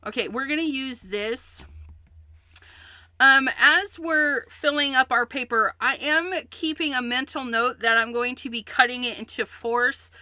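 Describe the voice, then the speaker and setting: A woman's voice: high voice, measured pace, sharp tone, clean tone, dry recording, clean studio sound. A woman hosting a craft livestream, chatting casually as she explains each step she works on.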